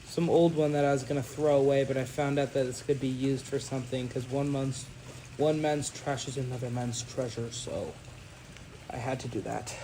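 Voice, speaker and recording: A man's voice: mid-range voice, fairly even intonation, moderate pace, noisy background. Rambling young man building a rocket. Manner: rambling, full of "you know" fillers and restarts. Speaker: livestream hobby rocket builder. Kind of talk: casual livestream narration while working.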